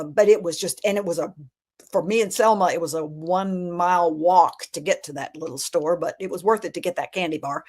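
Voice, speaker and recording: A woman with a Southern US accent, a humorist telling folksy stories in animated, casual chat. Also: fairly low pitch. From Alabama, USA.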